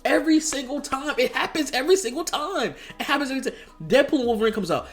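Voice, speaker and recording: High, animated ranting man. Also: quick pace, few pauses. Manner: exasperated, sarcastic, profane rant; mocks critics in quoted asides. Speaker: YouTube commentator. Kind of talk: ranting commentary video. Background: faint background music.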